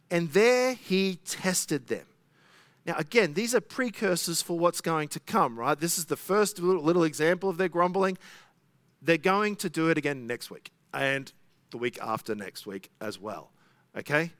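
A man's voice: a little high, fairly bright tone, no echo. A pastor preaching an expository sermon in a conversational way, often asking his listeners rhetorical questions.

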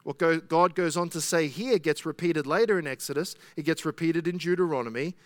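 A man's voice: fairly high pitch, a little fast, no room sound. Man preaching a chatty sermon. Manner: conversational, asks the congregation rhetorical questions. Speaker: pastor. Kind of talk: expository sermon.

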